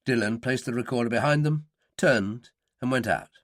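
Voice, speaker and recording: A man's voice: normal speed, no room sound, clean studio sound. A man reading a thriller audiobook aloud, voicing the characters in turn. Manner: reads character voices with lively pitch. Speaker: audiobook narrator. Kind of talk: scripted audiobook narration.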